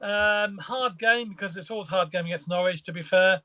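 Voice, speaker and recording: A man's voice: sits high, normal speed, sharp tone, highs cut off. A man co-hosting a football fan podcast, agreeable and asking the others' views. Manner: agreeable, opinionated, asks questions. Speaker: podcast co-host. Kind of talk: casual fan podcast chat.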